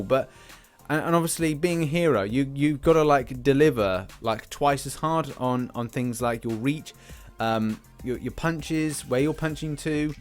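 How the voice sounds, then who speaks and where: British male gaming host, mid-pitched, casual and rambling, with light music in the background. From Britain. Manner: rambling, lots of fillers and restarts. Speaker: game channel host. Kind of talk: casual game commentary.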